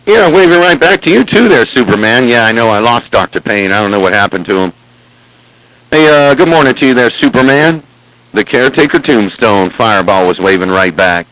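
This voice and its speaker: A man's voice: mid-range voice, lively intonation, a little fast, low-quality recording. A man in casual chat over a CB radio, with folksy talk and repeated greetings. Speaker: CB radio operator. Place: Southern California, near the Salton Sea. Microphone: CB radio transmission.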